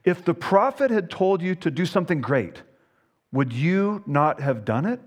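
A man's voice: on the high side, sing-song, moderate pace, pitched above the performer's own voice. A man preaching who voices humble servants earnestly pleading with a proud general, in a raised voice.

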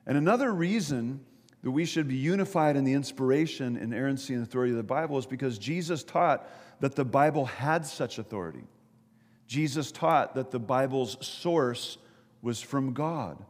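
A man giving a sermon as pastor, talking to the congregation in a chatty way with repeated words and quick asides. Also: mid-range voice, animated, in a large hall. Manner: conversational preaching with repeated words and audience asides. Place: church sanctuary.

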